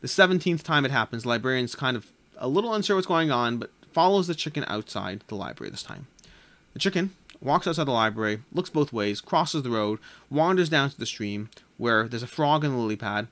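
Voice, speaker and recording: A man hosting a board game channel, telling a long joke to camera in a quiet, deadpan way with small self-corrections. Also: mid-range voice, brisk, no echo. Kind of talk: casual chat, telling a joke. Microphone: camera mic.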